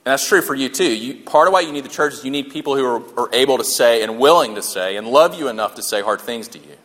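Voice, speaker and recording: A man's voice: mid-range voice, animated, fast talker, fairly bright tone. A man preaching a sermon in a conversational way, repeating key lines for emphasis and joking along the way. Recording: long hall reverb.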